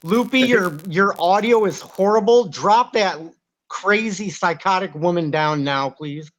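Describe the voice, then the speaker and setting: A man's voice: high voice, a little slow, a bit bright. A man arguing as a guest on an online panel, insisting on his point and talking over the others. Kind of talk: heated online panel debate. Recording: dull lo-fi call audio.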